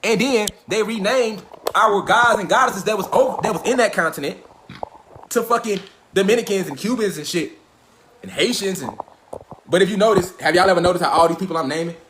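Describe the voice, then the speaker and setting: Man, high and quick; emphatic, profane livestream lecturer. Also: fairly bright tone, a little hiss or hum. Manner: profane, emphatic, repeats rhetorical questions. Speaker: online lecturer. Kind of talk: animated livestream rant. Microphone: phone or webcam.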